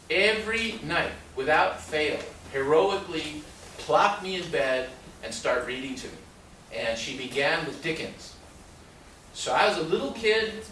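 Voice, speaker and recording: Man telling stories in an echoey room. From born in Mexico, raised in San Diego. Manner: lively, laughing storyteller with sudden jumps up in pitch and loudness. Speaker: author giving a library talk. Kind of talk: storytelling talk to an audience. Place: public library event room. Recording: very echoey room, distant mic, noisy.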